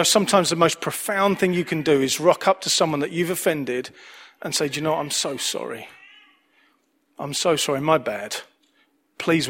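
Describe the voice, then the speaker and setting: A man's voice: on the high side, fairly bright tone. A man preaching a sermon as pastor, earnest, repeating key phrases for emphasis.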